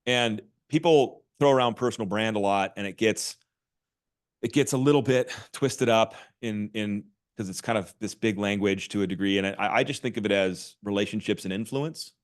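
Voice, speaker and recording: Middle-aged male guest, low voice, lively and restless delivery with many restarts. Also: moderate pace. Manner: animated, restarts often with repeated words. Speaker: podcast guest, author and marketing executive. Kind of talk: casual interview talk.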